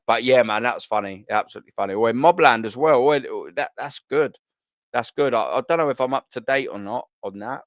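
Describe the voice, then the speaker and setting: Reading viewer comments on his live stream, a man in his thirties with a London English accent keeps things laid-back, slangy and full of laughter. His voice is medium in pitch, a bit bright, clear and resonant, captured in a dry recording.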